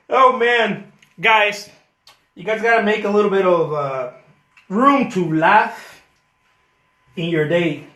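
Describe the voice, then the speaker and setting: Playful, high-voiced artist chatting while painting. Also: male voice, slow pace, long pauses, bright, forceful tone, roomy sound. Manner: playful, self-mocking boasts; chatty, thanks viewers by name. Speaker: artist painting live for viewers. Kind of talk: casual live-stream chat while painting.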